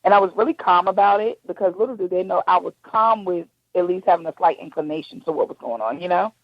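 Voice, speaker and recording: A woman's voice: lowish voice, fast talker, no room sound, lo-fi sound. A woman guest in a radio interview, telling a personal story candidly and acting out the voices of the people in it. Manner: candid, animated, acts out quoted voices.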